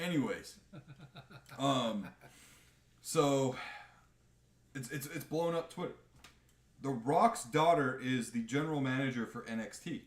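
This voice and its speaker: A man on a live podcast, chatting casually in a profane, animated rant. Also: medium pitch, measured pace, pauses often, roomy sound. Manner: animated, profane ranting with mocking impressions. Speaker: podcast co-host.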